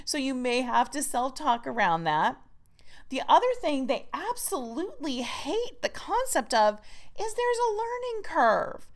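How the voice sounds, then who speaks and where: Woman, writing coach, chatty, emphatic, animated teaching module. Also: high voice, unhurried.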